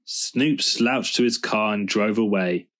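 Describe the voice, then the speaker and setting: A man reading a children's storybook aloud in a calm, measured narration. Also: on the low side. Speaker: storybook reader.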